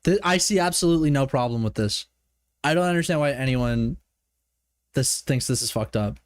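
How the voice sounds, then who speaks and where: A man's voice: medium pitch, animated, normal speed, clear, resonant tone, no room sound. Male streamer from Canada, casual reaction commentary, profane and mocking, swinging range, dry sound.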